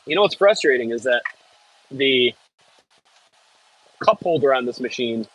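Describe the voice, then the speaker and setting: A man's voice: medium pitch, lively intonation, measured pace, a bit bright, rough recording. An American man chatting casually on a live stream from the cab of a heavy machine, reading viewer messages aloud and swearing when it jolts. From United States. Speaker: livestreaming equipment operator. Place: cab of a heavy machine bouncing over frozen ground outdoors.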